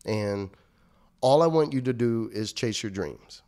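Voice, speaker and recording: A man's voice: on the low side, unhurried. A young man, an interview guest, telling a story in a casual, profane way and acting out the lines of the people in it. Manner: animated, profane, acts out quoted dialogue.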